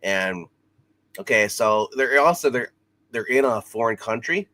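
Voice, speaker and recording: A man's voice: medium pitch, expressive, a little slow, bright, forceful tone. A man co-hosting a casual TV episode review, talking in a loose, rambling way with many fillers.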